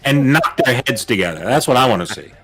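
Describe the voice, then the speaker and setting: A man's voice: mid-range voice, expressive, a little fast, a bit bright. A man co-hosting a live stream chat, joking and rambling through would-you-rather questions, often asking "you know what I mean?".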